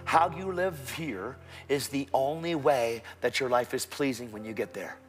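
A man's voice: medium pitch, unhurried, faint music behind. A man with a Texan accent preaching a sermon in a church, telling stories animatedly and acting out the voices of the people in them. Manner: animated storytelling with quoted voices. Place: church sanctuary.

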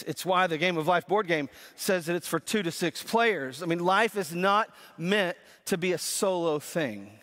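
Brief: a conversational male pastor with a fairly high voice, preaching in a church sanctuary with a long echo. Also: a bit bright. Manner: conversational, often repeats words as he starts phrases. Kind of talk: sermon. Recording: long reverb of a church hall.

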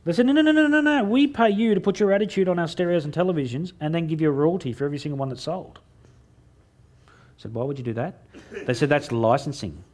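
A man's voice: fairly high pitch, quick pace, darkish tone. A middle-aged Australian man giving a humorous talk on stage, telling a story and acting out the dialogue in a self-mocking way. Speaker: motivational speaker.

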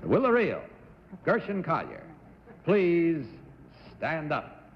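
Genial game show host in a hall. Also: male voice, fairly high pitch, huge pitch swings, slow pace, slight background noise. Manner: smooth, polite, reads affidavits aloud. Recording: muffled 1960s broadcast audio in a large studio hall.

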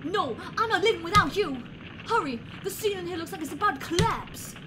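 A woman voicing a gentle, worried male Shiba Inu dog in a video game, talking in a pleading, earnest way. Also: very high voice, lively intonation, brisk, very noisy. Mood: urgent. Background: game music.

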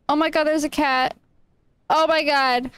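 A woman's voice: high voice, fairly even intonation, a little slow, fairly bright tone. A young woman streaming a game, chatting casually, reading game text aloud and exclaiming often. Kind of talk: casual gameplay commentary.

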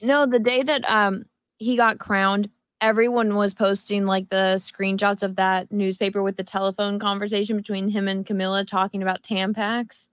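A woman's voice: mid-range voice, level tone, moderate pace, clean tone, dry recording, studio quality. A woman co-hosting a casual group chat, giggly and reading out viewer super chats.

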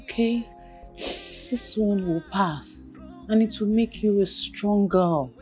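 An actress with a Nigerian accent playing a mother who gently coaxes her crying daughter. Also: mid-range voice, soft background music, close to an everyday voice. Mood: soothing. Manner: gentle, coaxing, unhurried. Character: soothing mother, middle-aged woman.

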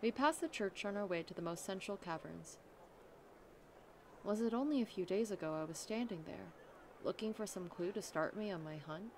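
A woman's voice: mid-range voice, expressive, normal speed, darkish tone, a little hiss or hum. A young woman reads a visual novel's text aloud in an easy, casual way. She often stops to laugh and add her own comments on the story. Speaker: let's play narrator.

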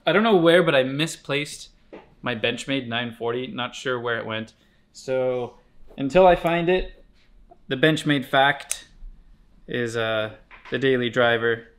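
Male store staffer, easygoing and chatty, umming through a casual outfit rundown. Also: medium pitch. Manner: relaxed, chatty, hesitant fillers. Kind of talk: casual fit-check vlog.

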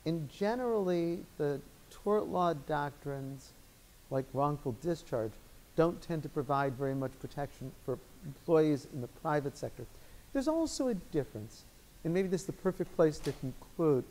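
A man with a Chicago accent, a guest lecturer giving measured, articulate legal answers in a law school lecture room. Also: on the high side, animated, darkish tone. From Chicago, United States.

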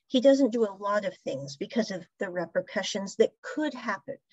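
A woman's voice: mid-range voice, lively intonation, moderate pace, a little mellow, husky, no echo. Chatty woman host with a dull, dry sound. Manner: chatty storytelling, recapping scenes with asides. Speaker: podcast host reviewing a drama series. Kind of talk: casual review monologue.

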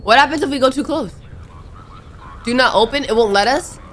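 With a high-pitched, fairly quick voice and a slight hiss or hum in the audio, this young gaming YouTuber plays a horror game on her channel. She talks in casual slang, gets jumpy and dramatic, pleads when frightened, and shouts at sudden scares.

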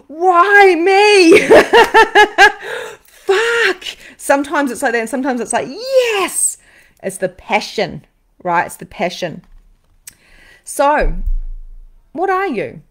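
A woman psychic medium and podcast host talking live to her viewers, animated, repeating phrases for emphasis and swearing freely. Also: on the high side. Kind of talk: live-stream talk to viewers.

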